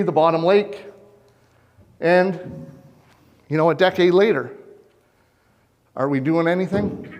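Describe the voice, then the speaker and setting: Earnest farmer speaking in a reverberant hall. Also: male voice, high voice. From Canada. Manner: earnest, questions the audience directly. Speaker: farmer giving a conference talk. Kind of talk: public presentation. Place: conference hall. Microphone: lapel mic.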